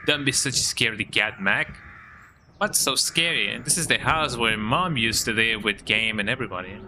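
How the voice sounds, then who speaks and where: A man's voice: mid-range voice, animated, a little fast, background noise. A man streaming a game, playfully reading the characters' lines aloud and tacking a jokey "eh?" onto them. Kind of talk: casual gameplay commentary. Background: game music.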